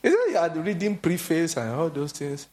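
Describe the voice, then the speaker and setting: A man preaching a sermon, telling stories animatedly and acting out the voices of the people he quotes. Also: moderate pace. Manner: animated storytelling, acts out quoted voices in a high pitch.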